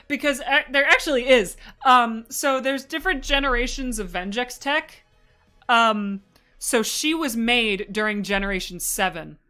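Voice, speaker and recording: A woman's voice: medium pitch, sharp tone. A woman giving a casual livestream presentation, rambling and enthusiastic, full of asides. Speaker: streamer presenting a fan slideshow.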